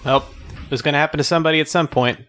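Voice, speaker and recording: A man's voice: fairly high pitch, steady tone, rapid-fire, a bit bright, slight background noise. Wry man at the game table. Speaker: player. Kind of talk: casual tabletop game chat.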